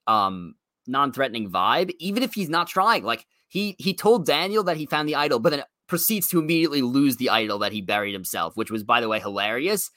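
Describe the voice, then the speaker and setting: A man's voice: mid-range voice, lively intonation, sharp tone, no echo, clean studio sound. A man co-hosting a casual recap podcast, rambling along and filling his sentences with "you know" and "um". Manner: rambling, fills every pause with "you know". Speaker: podcast co-host.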